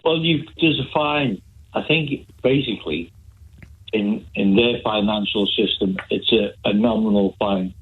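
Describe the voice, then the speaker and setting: A man's voice: lowish voice, measured pace, husky. A man calling in to a radio show, chatty and cheerful, rambling a little as he talks. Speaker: caller. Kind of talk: phone-in call. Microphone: telephone line. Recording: tinny phone line.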